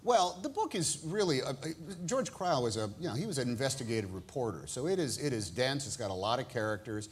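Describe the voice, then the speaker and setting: A man's voice: medium pitch, big pitch swings, fast talker, few pauses, a little hiss or hum. An American man in his fifties, a guest actor in a talk show interview, with a jokey, playful way of bantering and mock indignation. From United States.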